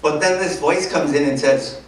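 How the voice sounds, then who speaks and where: A woman telling a story in a sermon, acting out the dialogue in a lively, conversational way. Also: low voice, moderate pace. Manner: animated, conversational, acts out dialogue. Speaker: preacher. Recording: echoey hall from far off, noisy.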